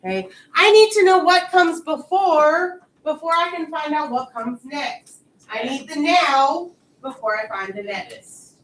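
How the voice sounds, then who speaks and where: High-voiced teacher woman, echoey classroom. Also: measured pace. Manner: patient, explains step by step. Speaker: math teacher. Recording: echoey classroom, far mic.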